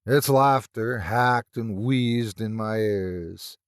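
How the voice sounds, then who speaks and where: A man's voice: lowish voice, slow, clean tone, no room sound, clean studio sound. A man narrating a scripted horror story in a tense, dramatic storytelling manner.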